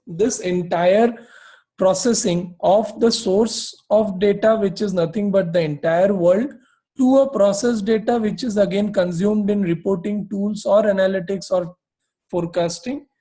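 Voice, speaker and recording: A man teaches a technical class at a slow, deliberate pace. His voice sits high for a man. He explains things patiently and often pauses on "uh" while he sketches on a board. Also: mellow, low-quality recording. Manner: explanatory, many fillers and restarts. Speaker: instructor. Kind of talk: recorded technical lecture while drawing.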